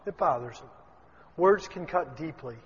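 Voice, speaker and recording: Guy with a high husky voice giving a chatty sermon, long hall echo. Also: animated, moderate pace, lo-fi sound. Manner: conversational, with acted-out quotes and asides. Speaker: preacher.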